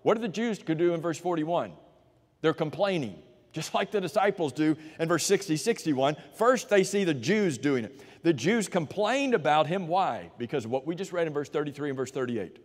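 A man preaching a sermon, walking listeners through verses with rhetorical questions and sinking to a quiet voice for emphasis. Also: expressive, normal speed. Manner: drops to a low, quiet voice for emphasis. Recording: long reverb of a large hall.

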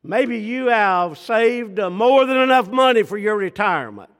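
An older man preaching a sermon, slow and emphatic, dropping to soft near-whispers and asking the congregation rhetorical questions. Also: high voice, expressive. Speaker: pastor. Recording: reverberant hall.

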